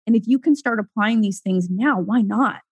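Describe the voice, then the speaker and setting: A woman's voice: medium pitch, normal speed, breathy edge, dry recording. A woman speaking in a casual conversation as an author guest, earnest and emphatic, swearing now and then.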